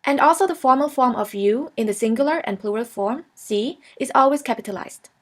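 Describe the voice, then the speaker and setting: A woman teaching a beginner German lesson, patiently saying each phrase twice in a clear, steady way. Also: sits high, fairly quick. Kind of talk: slow instructional lesson, repeating each word.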